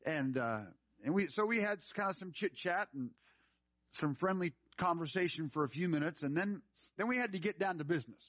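A man's voice: fairly high pitch, lively intonation, brisk, a bit bright, dry recording. A male pastor preaching a sermon, telling a story and then pressing his point with earnest urgency. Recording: dry, slightly dull sound.

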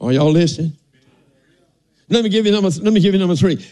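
A man's voice: high-pitched, fast, long pauses, warm tone. An older man preaching a folksy sermon, often asking "are y'all listening" and saying amen.

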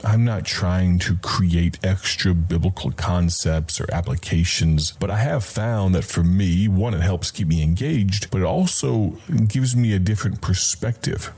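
This radio Bible program host speaks in a low, darkish, slightly rough voice. He delivers a reflective devotional sermon conversationally, addressing the listener as his friend, and moves slowly and deliberately with pauses.

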